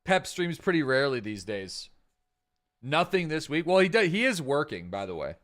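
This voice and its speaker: A man's voice: fairly high pitch, sing-song, moderate pace, a bit bright. A man streaming a game live, thinking aloud in casual chat, rambling with plenty of fillers.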